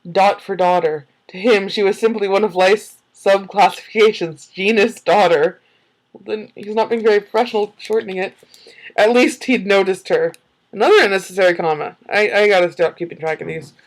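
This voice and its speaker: A woman's voice: medium pitch, low-quality recording. A woman reading a book aloud in a casual way and breaking off for sarcastic, giggly commentary. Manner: snarky, sarcastic asides; giggles often.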